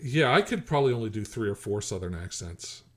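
A middle-aged podcast co-host with a lowish, expressive voice chats casually and fairly quickly about a TV episode. He's hesitant, restarts often, and chuckles along the way.

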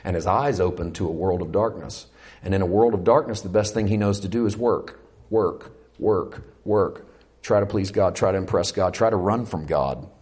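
A man preaching a sermon, animated and swinging from loud, urgent passages to hushed ones, acting out quoted voices and putting questions to the congregation. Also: low-pitched, normal speed, slightly rough.

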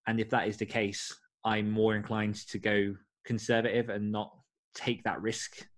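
A man from the UK hosting a writing podcast, talking in a friendly, measured, slightly formal way. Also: on the low side, little pitch movement. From United Kingdom. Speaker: podcast co-host. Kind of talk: podcast chat.

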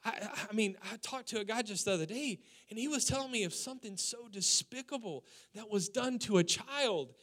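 High, bright-voiced man preaching with energy. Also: fairly quick, hardly any pauses. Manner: animated preaching, quoting people in acted voices, laughing. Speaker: pastor. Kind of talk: sermon.

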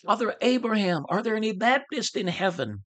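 A man's voice: high-pitched, big pitch swings, fairly quick, voice pushed up, heavily acted. A man doing a fiery old-time preacher crying out. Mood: pleading cry. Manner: dramatic, shouting upward pleas. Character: fervent 18th-century male preacher crying out to a crowd.

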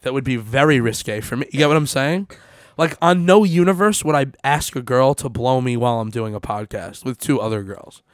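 A man's voice: medium pitch, fairly quick, no room sound, clean studio sound. A young man co-hosting a podcast, joking and swearing in casual, defensive banter. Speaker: podcast co-host.

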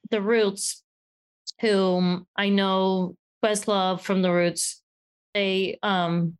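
A woman co-hosting a podcast in casual chat, animated and acting out quoted voices as she talks. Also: medium pitch, drawn-out words, clean tone. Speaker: podcast co-host.

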